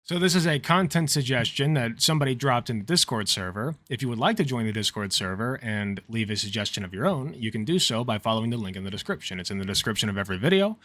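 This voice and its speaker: An excitable, sarcastic man reacting to a video in casual commentary. His voice is bright and sharp and swings widely in pitch. The sound is dry and close. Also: no room sound. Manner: excitable and sarcastic, with sudden outbursts.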